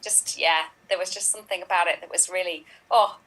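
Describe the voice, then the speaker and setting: A woman's voice: on the low side, fairly even intonation, a little fast, fairly bright tone, rough recording. Chatty woman judging an improv round. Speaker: guest judge. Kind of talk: casual chat.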